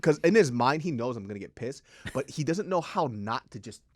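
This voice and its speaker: A man's voice: mid-range voice, lively intonation, fairly quick, dry recording. A man co-hosting a casual podcast, his voice swinging widely as he acts out family quarrels. He swears freely. The sound is dry and close, with no room around it. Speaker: podcast co-host.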